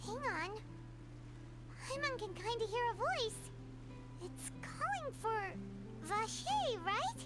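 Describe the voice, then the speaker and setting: A woman voicing a tiny, chatty and cheeky floating female companion creature in a video game, with a squeaky, childlike voice. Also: big pitch swings, slow pace, long pauses, fairly bright tone, faint music behind, full character voice. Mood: worried. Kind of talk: game voice acting.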